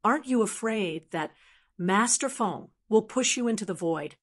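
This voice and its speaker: A woman's voice: mid-range voice, animated, moderate pace, fairly bright tone. A woman voicing a curious male vice commander, asking plain questions.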